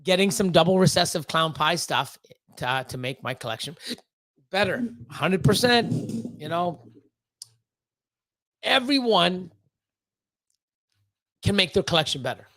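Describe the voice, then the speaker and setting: A man's voice: high voice, lively intonation, a little slow, pauses often, a bit bright. A man who breeds reptiles, hosting a livestream and ranting at length, blunt and heavily profane, often stumbling over repeated words.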